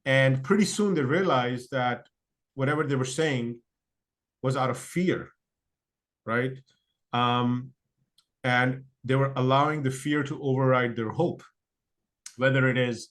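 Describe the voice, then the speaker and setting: A man talks through his ideas as an interview guest, pausing on fillers and restarting sentences as he goes. His voice sits at a middling pitch for a man. Now and then he slips into quoting other people's excuses. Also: fairly bright tone. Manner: thoughtful, lots of fillers and restarts. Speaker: podcast guest. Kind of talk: conversational interview.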